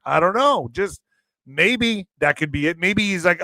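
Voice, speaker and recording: Brief: man, show host, bright and crisp, dry close sound, joking, profane, emphatic. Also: on the high side, animated, normal speed, no room sound. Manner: joking and profane, laughs often; loud bursts of emphasis. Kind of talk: casual news commentary.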